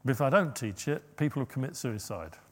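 A man preaching a sermon, rising to loud, emphatic quoted passages and dropping to quiet asides. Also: medium pitch, animated, brisk.

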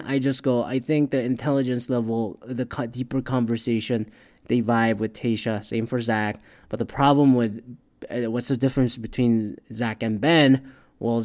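A man hosting a casual talk show, ranting in a rambling, profane way and growing loud and worked up. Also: mid-range voice.

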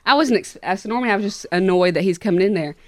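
A woman's voice: mid-range voice, racing, no room sound, clean studio sound. A young woman, chatting casually on a podcast, telling stories with giggles and teasing. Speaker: podcast co-host. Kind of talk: casual chat.

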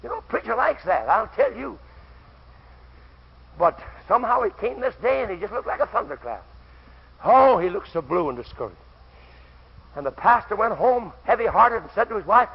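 Husky high-voiced old-time preacher, shouting. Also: male voice, very animated, normal speed. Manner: shouting, fervent, storytelling with quoted voices. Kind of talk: old-time camp meeting sermon. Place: camp meeting hall. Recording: dull lo-fi old tape recording.

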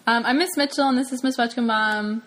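A woman's voice: fairly high pitch, steady tone, fairly quick, a bit bright. A young woman co-hosting a podcast, chatting playfully and giggling often. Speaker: podcast co-host. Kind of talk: casual podcast chat.

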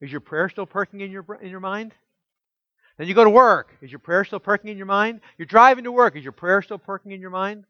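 High-voiced preaching man, rhetorical. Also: brisk, no room sound, lo-fi sound. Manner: emphatic, full of rhetorical questions, drops soft when quoting scripture. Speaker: pastor. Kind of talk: sermon.

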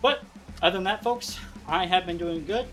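Animated man telling a story. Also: sits high, moderate pace, faint music behind. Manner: animated storyteller, acts out his own lines. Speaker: podcast co-host and modder. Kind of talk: casual podcast chat.

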